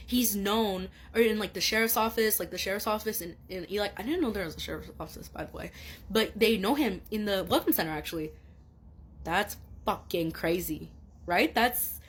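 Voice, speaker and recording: A woman's voice: mid-range voice, a little hiss or hum. A young woman telling a story straight to her viewers in a loose, rambling way. She leans on fillers and curse words and gets heated as she goes, with her voice sitting in the middle of the usual range for a woman. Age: young adult. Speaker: student. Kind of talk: casual storytime to camera.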